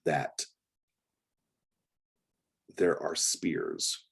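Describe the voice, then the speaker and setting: A man's voice: extremely low pitch, very animated, extremely slow, gravelly, fairly bright tone, slightly rough. A man narrating as game master of a tabletop game, describing scenes in a hesitant way with many fillers.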